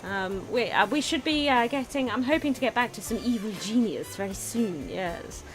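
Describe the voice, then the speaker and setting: A woman streams a game and chats along with it, her voice sitting a little high. She gives casual, giggly commentary and keeps asking her viewers what they think. Faint background music plays underneath. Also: animated, normal speed.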